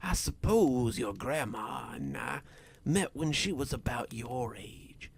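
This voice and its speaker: A man voicing a tall, inhuman male creature who makes deals, speaking in a hushed, creeping whisper. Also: medium pitch, sing-song, slow, creaky, slightly rough, full character voice. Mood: sinister whisper.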